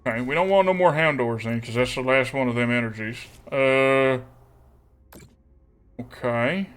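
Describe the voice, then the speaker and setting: A man's voice: medium pitch, unhurried, a bit bright, clear, resonant tone. A man streaming a card game, talking in a put-on folksy country twang and cracking self-deprecating jokes. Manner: joking, self-deprecating asides.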